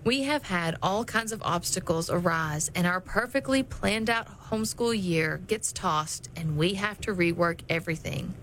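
A middle-aged mother giving calm, reassuring advice about homeschooling in a scripted talk. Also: fairly low pitch, normal speed, few pauses, a little hiss or hum, poor audio.

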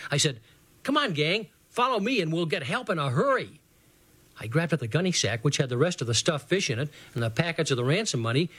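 Middle-aged male storyteller, fairly high voice, very animated, reading a kids' adventure serial. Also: dry recording. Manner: lively, animated boyish first-person narration. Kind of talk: children's radio story reading.

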